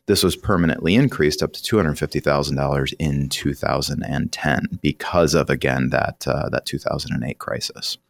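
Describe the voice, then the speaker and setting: A man's voice: a bass voice, fairly even intonation, moderate pace, vocal fry, few pauses, dry recording, clean studio sound. A man who is a retirement planning professional explaining finance on a radio talk show, emphatic and explanatory. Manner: explanatory, emphatic, occasional laughs.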